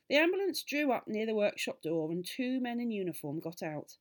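Woman narrator for a children's storybook, expressive, lilting and animated delivery. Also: mid-range voice, a little fast. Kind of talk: reading a children's story aloud.

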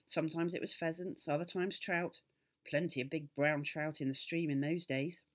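A woman reading aloud, voicing an excitable, mischievous little old village doctor who rises to loud indignant bursts. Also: low voice, moderate pace, lightly acted. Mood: genial, conspiratorial.

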